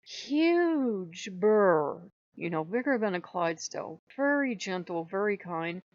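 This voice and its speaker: A woman's voice: mid-range voice, sing-song, slow, a little mellow, no room sound, dull audio. A woman telling a story aloud in a casual, conversational way, speaking straight to the listener with fillers and restarts.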